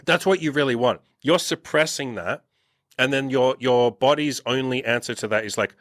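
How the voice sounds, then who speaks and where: A blunt, profane man talks through a casual podcast conversation and keeps slipping into the voices of the people he quotes. His voice sits at an ordinary middle pitch, and the sound is dry and close, with no room around it. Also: normal speed, fairly bright tone, no room sound. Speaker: podcast host and dating coach.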